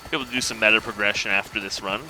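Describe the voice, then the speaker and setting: A man casually commenting on his own gameplay, thinking aloud in a relaxed, rambling way. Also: fairly low pitch, racing, noisy background. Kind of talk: casual let's-play commentary.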